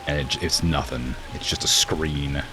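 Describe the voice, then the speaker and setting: A man's voice: very deep voice, steady tone, measured pace, over music. A young man streaming a farming game and chatting casually, with a blunt, direct way of talking that stresses words hard and can sound accusatory. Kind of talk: casual gameplay commentary.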